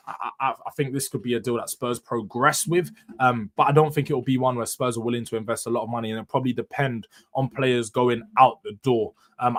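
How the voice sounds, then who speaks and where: A young man, hosting a casual football live stream, opinionated and quick to laugh. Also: mid-range voice, a bit bright. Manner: chatty and opinionated, laughs often, uses slang. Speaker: football channel host reading live chat.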